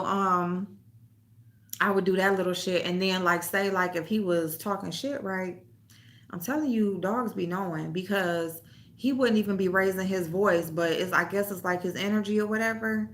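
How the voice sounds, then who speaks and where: A woman hosts a casual chat, telling stories loosely, laughing often, swearing freely, and reading comments aloud as she speaks. Her voice is medium in pitch and her pace measured.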